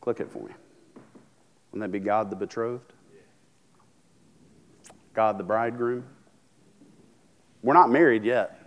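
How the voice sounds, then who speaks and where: A man's voice: lowish voice, takes it slowly, pauses often, dull audio. A man preaching a sermon, talking casually, asking the congregation questions and restarting his sentences. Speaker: pastor.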